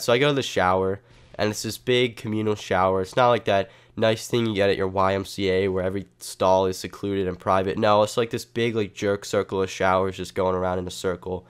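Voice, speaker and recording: A man's voice: low voice, fairly even intonation, a little fast, clean tone. A man telling an improvised comedy story in a rambling, profane way, full of filler words. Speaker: comedy vlogger.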